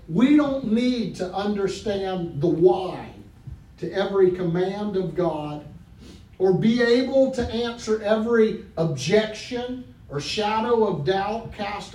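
A man preaching a sermon as pastor, trading calls and responses with his congregation and building up to shouts. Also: sits high, slow, far from the mic. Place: church sanctuary. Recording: echoey hall, mic from afar, faint noise.

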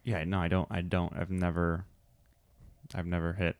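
A man in his thirties co-hosting a podcast, telling a relaxed story in casual chat. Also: deep voice, moderate pace, no room sound, studio quality. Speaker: podcast co-host.

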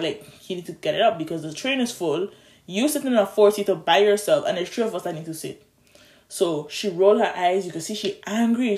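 A young adult, telling a long story in a casual, animated way, with restarts and stumbles, recorded on a phone. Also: medium pitch, reverberant. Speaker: vlogger.

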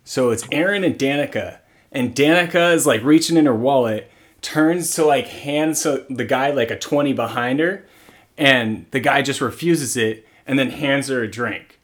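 A young man co-hosting a sports podcast, telling stories in a relaxed, casual chat. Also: medium pitch, moderate pace. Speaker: podcast co-host.

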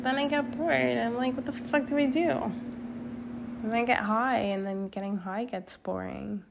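Gravelly young woman rambling candidly. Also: mid-range voice. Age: young adult. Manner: candid, swearing, laughs at herself. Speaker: vlogger. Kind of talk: casual rambling monologue.

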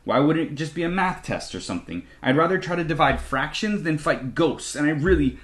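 Man narrating a lively audiobook. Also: on the high side, a little fast. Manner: animated, lively intonation. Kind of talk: expressive audiobook reading. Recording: roomy echo.

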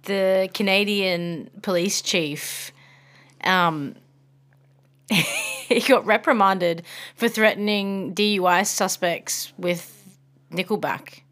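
A woman co-hosting a podcast, with a bright, sharp voice. She jumps in with quick exclamations and playful teasing. Her pitch sits in the ordinary middle. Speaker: podcast co-host. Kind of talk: casual chat.

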